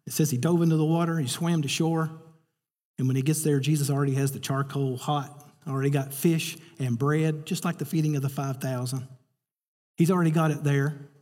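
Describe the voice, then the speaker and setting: A man's voice: a little high, moderate pace, dark tone, slightly rough. A man preaching a sermon, telling a story and acting out the voices he quotes. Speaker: pastor. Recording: reverberant hall.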